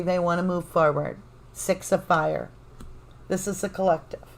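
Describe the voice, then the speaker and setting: A woman with a Southern US accent gives a live tarot reading, chatting warmly with viewers and cheering them on with lots of energy. Her voice is mid-range, and the recording is rough.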